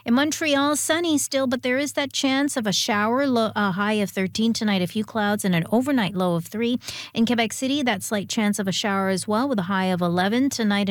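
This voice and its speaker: A woman reading a radio news bulletin and weather forecast in a measured, crisp way. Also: medium pitch, dry recording. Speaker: newsreader. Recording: dry studio sound.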